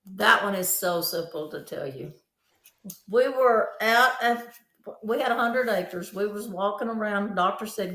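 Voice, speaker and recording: A woman's voice: medium pitch, measured pace, reverberant. A woman guest telling stories in a casual interview, acting out what people said as she goes. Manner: animated storyteller who acts out quoted dialogue. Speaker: guest, author of memoir.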